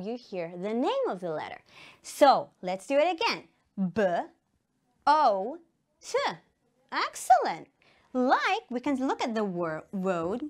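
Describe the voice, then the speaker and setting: A fairly high-pitched woman with an Israeli accent gives an English lesson to small children in a studio. Her delivery is slow and emphatic, and she clearly sounds out words for the kids to echo.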